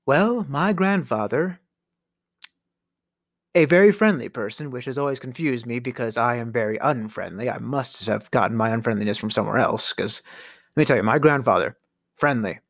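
A man's voice: medium pitch, normal speed, no echo. A man telling a comic story with dry, self-mocking asides.

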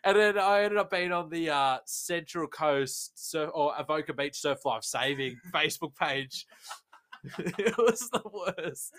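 Young man, Australian accent, bright tone, higher pitch, casual banter, loud laughs. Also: lively intonation, a little slow. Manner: laughs loudly, rambling storytelling. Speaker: podcast co-host.

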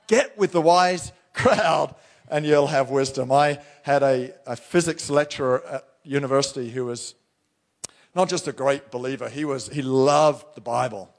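A man preaching a sermon as pastor, talking directly and emphatically and firing rhetorical questions at his listeners. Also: mid-range voice.

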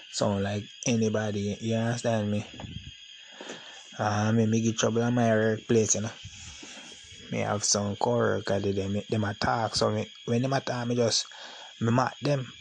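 A man's voice: fairly low pitch, little pitch movement, moderate pace, vocal fry, a little mellow, slight background noise, poor audio. A man talking casually to the camera, rambling and boastful with a lot of slang. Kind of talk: casual monologue.

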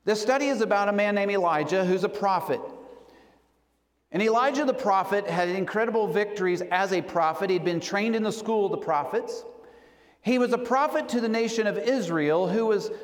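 A man preaching a sermon, telling a story earnestly and slowing down for emphasis. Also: sits high. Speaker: pastor. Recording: long hall reverb.

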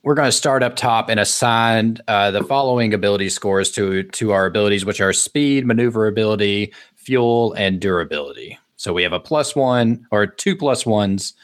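A man with a fairly low voice runs a tabletop game as its host. He talks in an upbeat, loose way, full of fillers and restarts. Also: normal speed, hardly any pauses. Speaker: game master.

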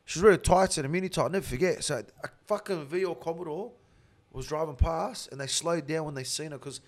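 A man with an Australian accent telling a story in casual talk, swearing constantly and getting loud and laughing as he tells it. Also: fairly high pitch, fast. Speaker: interview guest.

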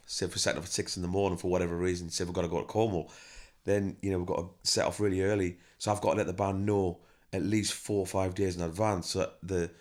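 A deep-voiced man chats casually about running his band. He tells stories freely and acts out quotes as he goes. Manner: chatty, animated storytelling with acted-out quotes. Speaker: band member and manager, guest. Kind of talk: casual interview chat.

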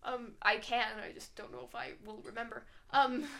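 Host, woman, relaxed and slangy, bright upper pitch, home mic. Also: normal speed, creaky. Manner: slangy, laid-back. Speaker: podcast host. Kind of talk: casual chat.

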